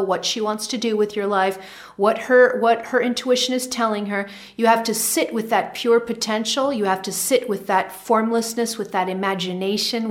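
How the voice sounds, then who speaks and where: A woman giving a spiritual teaching monologue to camera, repeating phrases for emphasis and often checking in with okay. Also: medium pitch.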